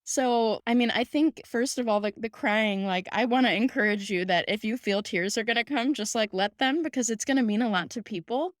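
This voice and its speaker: A woman's voice: fairly high pitch, brisk, few pauses, no echo, studio quality. A woman in her thirties, a veterinarian hosting a podcast, talking casually and emphatically with frequent laughter and lots of "like". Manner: warm, emphatic, laughs often, many "like"s. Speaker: podcast host, house call vet.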